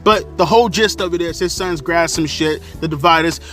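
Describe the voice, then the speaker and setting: Heated, profane man with a bright voice. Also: a little high, brisk, faint music behind. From South Florida. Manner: profane, heated, animated retelling. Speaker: storyteller vlogger. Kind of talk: casual storytelling rant.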